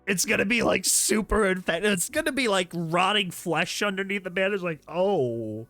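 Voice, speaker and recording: A man's voice: sits high, expressive, moderate pace, sharp tone, faint music behind. A young man narrating a comic dub and chatting casually between panels, joking and saying "like" often. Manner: chatty, joking, many likes.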